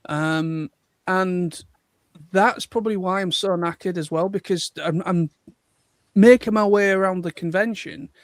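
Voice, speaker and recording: A man's voice: sits high, unhurried, no echo. An English man co-hosting a casual livestream chat, talking earnestly and rambling with plenty of fillers. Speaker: livestream co-host.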